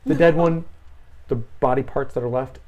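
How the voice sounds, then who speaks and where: A woman running a tabletop game as game master, narrating monsters in a relaxed, descriptive way. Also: very deep voice, normal speed.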